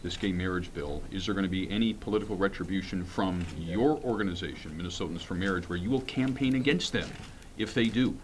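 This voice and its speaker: A man's voice: deep voice, brisk, a little hiss or hum. A male reporter pressing a pointed question at a press conference.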